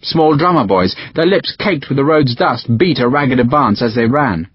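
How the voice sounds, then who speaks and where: Male audiobook narrator, lively pitch, husky, dry and slightly muffled recording. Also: moderate pace, no room sound. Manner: expressive storytelling with varied pitch. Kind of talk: scripted narration.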